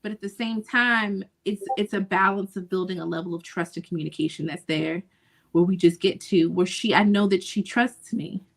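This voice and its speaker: A woman co-hosting a podcast, speaking in an earnest, reflective way with frequent thoughtful pauses. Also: medium pitch, vocal fry. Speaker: podcast co-host. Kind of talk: casual podcast conversation.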